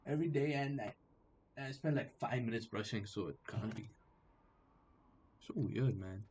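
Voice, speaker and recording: A young man streaming gameplay, chatting casually and trash-talking enemies with sudden yells. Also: medium pitch, moderate pace, slight background noise. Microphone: headphones with mic.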